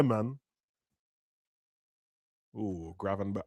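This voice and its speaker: A young man, ranting and joking as a streamer during a football watch-along, now and then shouting. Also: medium pitch, lively intonation, brisk. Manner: ranting, slangy, bursts of shouting. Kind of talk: casual chat over a live match.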